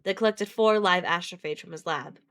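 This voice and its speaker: A woman with a slightly low voice reads a novel aloud to her live-stream audience. She keeps her delivery easygoing, breaking off now and then for casual, profane chatter with the viewers. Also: a little fast, fairly bright tone. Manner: casual, swears and laughs between read passages. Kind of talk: live-stream book reading with chat asides.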